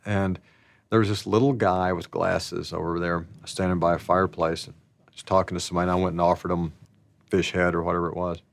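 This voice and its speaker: A man telling stories about his past in a slow, rambling, casual way, laughing often. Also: low voice, flat delivery, gravelly, no room sound. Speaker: interviewee. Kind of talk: casual storytelling.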